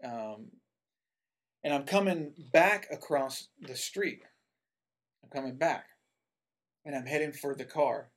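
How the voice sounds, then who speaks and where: A man from Tennessee tells a personal story in a casual, rambling way, packed with asides and fillers. His voice is medium in pitch, and he speaks slowly with long pauses.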